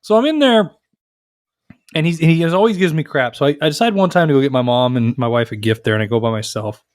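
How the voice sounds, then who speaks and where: On a podcast, another male co-host talks quickly in a higher-pitched voice, recorded cleanly in a studio with no echo. He banters and tells stories, cursing liberally and animatedly performing other people's lines.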